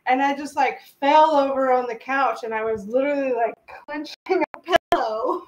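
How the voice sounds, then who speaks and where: A woman telling a personal story in a casual way, animated and exclaiming, with lots of "like". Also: high voice, measured pace. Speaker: co-host telling a shared story. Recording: echoey room.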